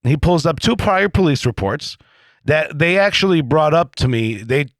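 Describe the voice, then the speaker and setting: A man's voice: on the high side, expressive, moderate pace, no room sound. A man hosting a political podcast interview, talking bluntly and animatedly with plenty of profanity. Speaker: podcast host.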